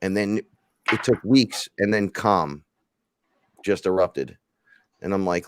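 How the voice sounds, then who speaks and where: A man talks in a loose, rambling way and slips into little acted-out quotes. His voice sits fairly low, and the sound is dry and close with no room around it. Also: measured pace, long pauses, no room sound. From New York. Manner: rambling, animated, acts out quotes. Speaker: podcast guest. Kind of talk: casual chat.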